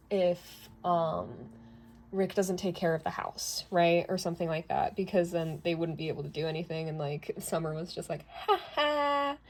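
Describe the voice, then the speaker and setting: A woman's voice: on the low side, darkish tone. A woman doing a casual tarot reading who talks chattily, laughs often and drifts into asides. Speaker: tarot reader.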